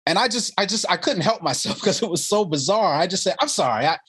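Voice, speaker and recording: A man's voice: sits high, quick pace, slightly rough. A man, a filmmaker guest, telling stories in casual conversation and acting out the people in them. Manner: animated, quoting others in lively voices. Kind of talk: conversational storytelling.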